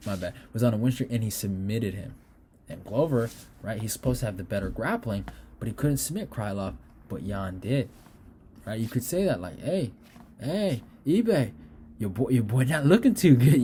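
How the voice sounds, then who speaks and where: A man giving a casual, excitable fight breakdown, swearing freely and throwing in animated asides. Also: lowish voice, a little hiss or hum. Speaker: fight analyst.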